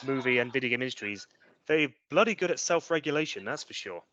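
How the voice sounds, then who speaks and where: A man's voice: medium pitch, lively intonation, quick pace, a bit bright, dull audio, a little hiss or hum. A British man co-hosting a casual chat show, ranting in an opinionated way with British slang. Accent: British English. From Britain. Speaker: podcast co-host.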